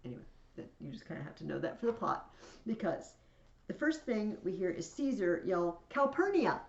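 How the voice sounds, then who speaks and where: A woman's voice: on the low side, very animated, brisk, vocal fry, darkish tone, reverberant, dull audio. A woman teacher casually explaining a play to a class, with chatty asides, reading scenes aloud.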